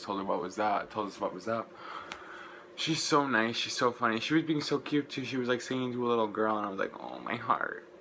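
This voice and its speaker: A young man, gushing and rambling through an excited casual vlog recap, full of "like" fillers. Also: lowish voice, slight background noise, rough recording. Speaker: vlogger.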